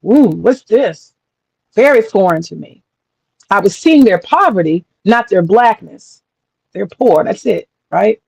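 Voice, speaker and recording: A woman's voice: mid-range voice, expressive, measured pace, creaky, a little mellow, slightly rough, no echo, poor audio. A woman talking in a blunt, profane casual monologue as a commentator, acting out other people's voices as she goes.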